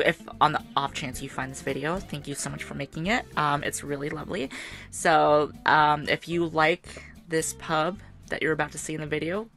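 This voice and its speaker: A tired woman with a hoarse voice rambles through casual gameplay commentary, full of fillers and little laughs. Her voice sits low with a gravelly fry, yet has a bright, forceful edge. Faint music plays behind her. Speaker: gaming video creator.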